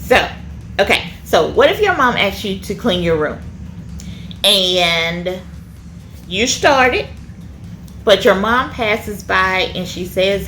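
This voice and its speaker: Woman teaching kids at church, slow and unhurried, voice goes way up and down, faint music behind. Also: medium pitch. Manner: animated, checks in often with "okay?". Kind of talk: children's lesson.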